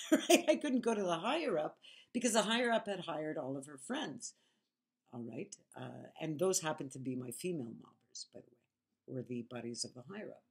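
A woman's voice: on the low side, darkish tone, husky. A woman vlogger telling her story in a casual monologue, frank, sarcastic and emphatic.

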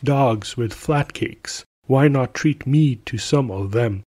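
A man's voice: medium pitch, slow pace, darkish tone, no room sound, studio quality. A man doing a sly, mock-polite trickster. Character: sly cheerful male trickster guest.

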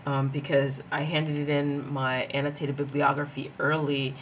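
A woman's voice: a bass voice, moderate pace, slight background noise. A young woman who teaches and studies, chatting casually and rambling as she plans her week in a journal, a little hyped up on coffee. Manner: rambling, chatty, giggly and easily excitable. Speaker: planner vlogger; graduate student and teacher. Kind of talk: casual chat while journaling.

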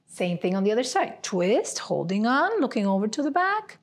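A woman yoga therapy instructor leading a seated class with gentle step-by-step cues, often checking in with "right?". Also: on the high side, big pitch swings, moderate pace.

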